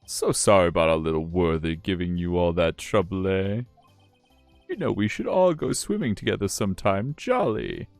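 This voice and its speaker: A man's voice: deep voice, lively intonation, darkish tone, no room sound, soft background music. A man voicing a jolly, overfamiliar older male police chief in a fan dub of a courtroom game. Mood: jovial. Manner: hearty and overfamiliar, drawn-out exclamations.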